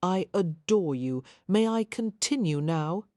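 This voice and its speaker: A reserved young Victorian wife, composed and earnest, voiced by a woman reader. Her tone is low and mellow, recorded close and dry. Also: lively intonation, slow pace, no room sound.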